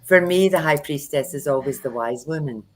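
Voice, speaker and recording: On a tarot livestream, a woman who reads tarot and hosts workshops speaks frankly and casually, sharing anecdotes and acting out people's words. Her voice is low and moderately paced, in a low-quality recording.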